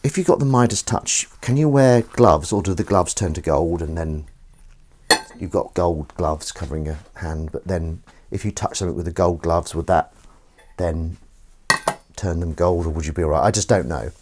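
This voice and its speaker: His voice is low and at a normal speed, buried under heavy background noise that includes faint running water and sink sounds. He's live streaming casually from his kitchen, rambling, swearing, and cutting himself off mid-sentence.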